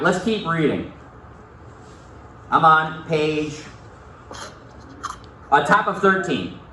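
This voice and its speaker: A male teacher reading a novel aloud to his class, animated, repeating key points and putting questions to the students. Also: fairly high pitch. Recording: echoey classroom, mic far off, faint noise.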